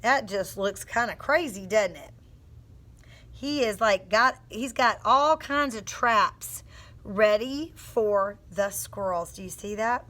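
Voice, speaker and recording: Reading slowly in a mid-range voice, a female teacher shares a picture book with young children. Her storytelling is expressive, and she stops to help them with phonics as they sound words out.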